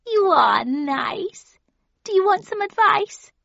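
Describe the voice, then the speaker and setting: A woman's voice: very high voice, big pitch swings, slow pace, gravelly, a bit bright, dry recording, lo-fi sound, pitched above the performer's own voice, exaggerated voice. A grinning sly cat, as a woman puts him on. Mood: playful. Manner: grand, playful. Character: sly grinning male cat, impartial and knowing.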